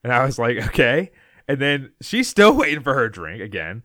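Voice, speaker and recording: A man co-hosting a podcast spins a lengthy, meandering story, full of laughter and restarted sentences. His mid-range voice is very animated, bright, and forceful at a normal speed, captured in studio quality with no echo.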